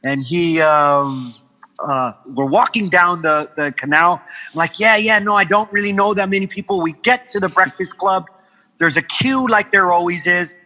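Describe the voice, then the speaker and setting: A man from Guam, a podcast guest, telling animated stories in casual chat, swearing freely and acting out the voices of people he quotes. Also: high voice, moderate pace, long reverb tail, poor audio.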